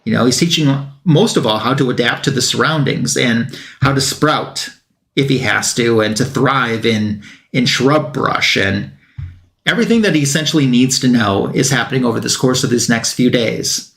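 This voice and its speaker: A man at an ordinary pitch recaps a comic for a review show, talking loosely with plenty of fillers and restarts. When he quotes the characters, he speeds up and reads their lines without putting on voices. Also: moderate pace, vocal fry, a bit bright. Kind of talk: casual comic recap, reading dialogue aloud.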